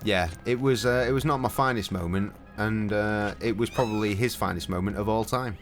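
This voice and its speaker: Sweary streamer, lowish voice. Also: male voice, a little fast, music in the background. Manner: sweary, cheeky banter. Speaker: gaming streamer. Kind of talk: casual commentary with storytelling. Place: home, indoors.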